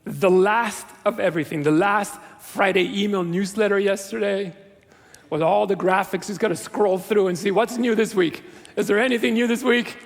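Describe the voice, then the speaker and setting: A man's voice: sits high, steady tone, normal speed, creaky. A middle-aged male pastor preaching a sermon in a church, earnest and conversational with self-deprecating humor. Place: large church sanctuary. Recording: long reverb of a church hall.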